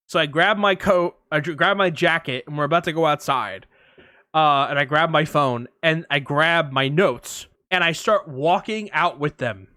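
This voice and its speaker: Bright, lively man telling stories. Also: on the high side, no echo, clean studio sound. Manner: animated storyteller, acts out voices and sirens. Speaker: podcast co-host. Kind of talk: casual storytelling chat.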